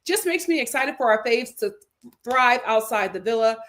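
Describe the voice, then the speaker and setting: A woman with a slightly high voice hosts a livestream, reading out viewer comments one by one. She reacts to each with emphatic opinions and repeats her lines to drive a point home. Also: lively intonation, normal speed, fairly bright tone. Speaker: show host.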